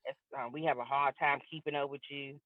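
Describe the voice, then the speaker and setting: A woman's voice: a bass voice, a little fast. A middle-aged woman comedian tells stories to a live audience on a video call, acting out both sides of each exchange. Her voice comes through thin and tinny, like a phone line. The sound is dry and close, with no room echo. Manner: lively storyteller acting out both sides of dialogues. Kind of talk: stand-up comedy set over a video call.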